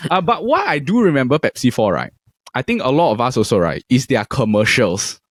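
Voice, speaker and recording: Quick, lively Singaporean podcast host. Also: male voice, medium pitch, no echo, studio quality. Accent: Singaporean English. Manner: lively, quick, uses lah and leh particles. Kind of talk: casual podcast chat.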